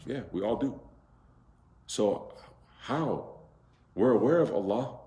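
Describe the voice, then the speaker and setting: A man teaching Quran recitation to a class, drawing out Arabic words slowly and asking his students questions. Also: medium pitch, animated, mellow. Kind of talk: interactive class lesson. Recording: echoey room.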